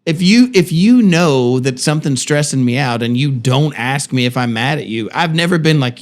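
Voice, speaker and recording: A man's voice: medium pitch, lively intonation, moderate pace, hardly any pauses. A middle-aged pastor co-hosting a casual marriage podcast with his wife, telling stories animatedly and interrupting himself playfully. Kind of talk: casual marital chat.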